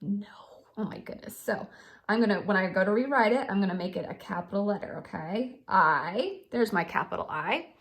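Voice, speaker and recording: A woman's voice: medium pitch, expressive, normal speed, fairly bright tone. A woman teaching young children to write sentences, patient and sing-song, calling them friends. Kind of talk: children's writing lesson.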